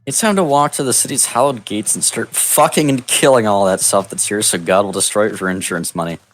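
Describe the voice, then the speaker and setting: A man narrating an improvised comedic text adventure in a deadpan, mock-epic storybook manner over a voice call. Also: lowish voice, a little fast, slight background noise. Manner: deadpan, absurd storybook delivery. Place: online voice call.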